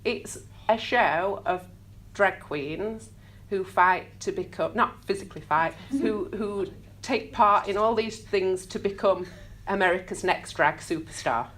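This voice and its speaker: A woman's voice: mid-range voice, a little slow, fairly bright tone. A woman in her thirties with a Sheffield accent speaks openly to a room of listeners. She is frank and self-deprecating, with easy laughter and a mid-range voice. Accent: Sheffield English. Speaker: public speaker. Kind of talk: live talk to an audience. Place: community hall talk.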